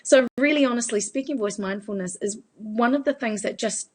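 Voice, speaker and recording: A woman's voice: fairly high pitch, brisk. A woman, giving a chatty live Q&A as a vocal coach. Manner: chatty, explanatory, demonstrates voice changes. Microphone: phone.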